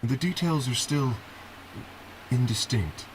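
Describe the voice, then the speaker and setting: Tired apologetic young man, voiced by a male streamer, deeper voice, faint background noise. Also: slow, close to an everyday voice, poor audio. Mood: weary. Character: weary young man with a splitting headache. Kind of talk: voicing game dialogue.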